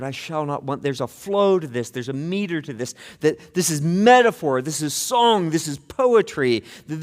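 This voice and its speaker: A pastor delivers an earnest sermon in a church sanctuary, his fairly high voice echoing with big-room sound. He moves from hushed to intense and frequently repeats words at the start of phrases.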